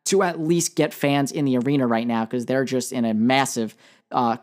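A man's voice: medium pitch, steady tone, normal speed, darkish tone. A man hosting a solo sports talk show, talking casually with fillers and dry sarcasm.

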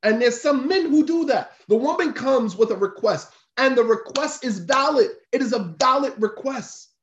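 This man's voice is very high and animated, moving at a moderate clip as he delivers a casual sermon. A religious teacher, he keeps circling back to his points emphatically in a chatty preaching style, captured on a dull, roomy lo-fi recording.

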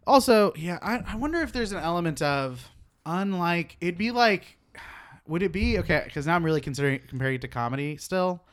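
A man's voice: sits high, lively intonation, brisk, a bit bright. A man co-hosting a casual podcast chat, rambling with many fillers and laughing often. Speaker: podcast co-host.

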